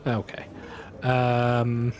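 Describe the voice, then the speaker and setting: A man acting as game master, narrating in a relaxed, hesitant way. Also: medium pitch, very slow. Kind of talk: running a tabletop game.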